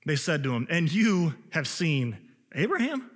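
A male pastor preaching a sermon, reading scripture aloud and stressing key words with a rising voice. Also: measured pace. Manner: animated, rises in pitch for emphasis, reads scripture aloud. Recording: long hall reverb.

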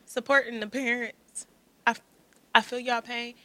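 A woman who works as a teacher, chatting casually and relaxed, often trailing off into quiet asides. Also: fairly high pitch, moderate pace, no room sound. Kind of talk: casual chat.

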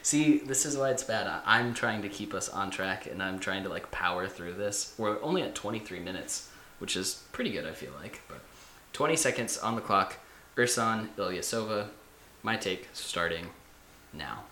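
A man's voice: on the low side, expressive, normal speed, pushed and bright, roomy sound, slight background noise. A young man hosting a casual podcast, chatty and rambling, joking with his guests. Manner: chatty, rambling, laughs at himself. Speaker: podcast host.

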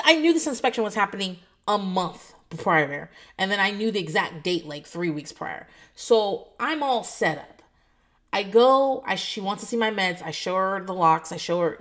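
A woman in her thirties telling a story in a casual vlog, animated and profane, acting out what others said. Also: mid-range voice, moderate pace. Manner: animated, swearing, quotes others in voices. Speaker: foster parent telling a story.

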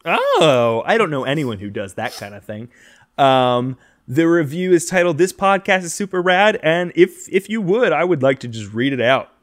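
A man reads listener reviews aloud on a casual podcast. His voice sits a little high, and he stumbles through the text with fillers and restarts. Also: very animated. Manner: halting, many fillers and restarts.

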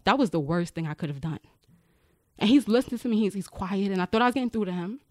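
A woman's voice: medium pitch, fast talker, no echo, clean studio sound. A woman who works as a corrections officer tells frank stories from her job in a podcast conversation, acting out the voices of the people she quotes. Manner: animated, acts out others' voices when retelling; frank, uses profanity.

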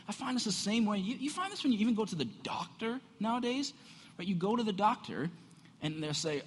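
A man preaching a sermon as a pastor, animated and conversational, often asking the congregation rhetorical questions. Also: high voice, fairly quick, a little hiss or hum. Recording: echoey hall.

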